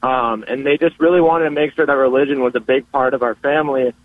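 A man's voice: mid-range voice, steady tone, fast, no room sound. Earnest young man on a phone line. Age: 20s. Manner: earnest, hesitant restarts. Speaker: caller. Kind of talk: casual call-in chat.

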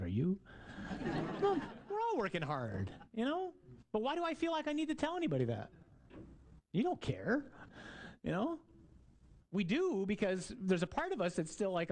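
A man's voice: fairly high pitch, darkish tone. A man, a priest, giving a conversational sermon with jokes and asides to the congregation.

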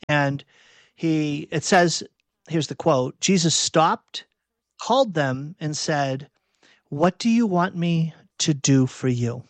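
A man preaching a sermon, reflective and halting, often restarting and correcting himself mid-sentence. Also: a little high, no room sound.

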